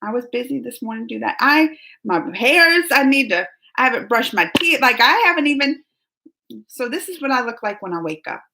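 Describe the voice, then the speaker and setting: Woman, high voice, chatty live stream, chipper, greets viewers by name. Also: expressive, fairly quick, vocal fry, sharp tone. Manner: chipper and chatty, reads viewer names aloud. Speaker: live chat host. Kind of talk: casual live-stream chat. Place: at home, just out of bed.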